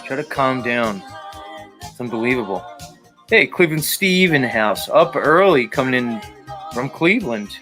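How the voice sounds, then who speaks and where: A man's voice: mid-range voice, expressive, normal speed, pauses often, pushed and bright, soft background music. A man hosting a livestream, chatting casually and crudely as he greets viewers and reads their comments. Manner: crude, joking, rambling. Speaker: livestream host.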